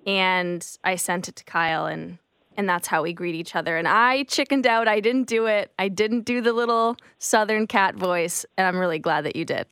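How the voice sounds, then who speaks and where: A woman hosting a sports radio show on a studio microphone, chatty and quick to laugh. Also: mid-range voice, fairly bright tone, clean tone, dry recording.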